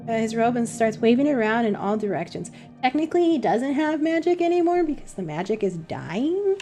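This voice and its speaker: A woman's voice: a little high, fairly quick, few pauses, soft background music. A woman hosting a let's play, reading a narrative game aloud and reacting with casual asides. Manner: lively, laughs and reacts to the text.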